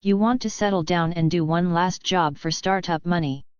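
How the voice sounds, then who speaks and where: A laid-back, smooth-talking male mechanic, read by a woman in an audiobook. His voice is dry and unflappable, lowish and very clear. The recording is dead dry and dull. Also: normal speed, no echo, natural voice.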